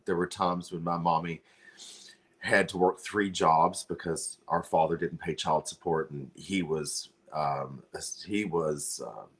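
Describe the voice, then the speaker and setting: A man hosting a livestream, making an earnest, pleading charity appeal while fighting back tears. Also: deep voice. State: close to crying. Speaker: livestream host.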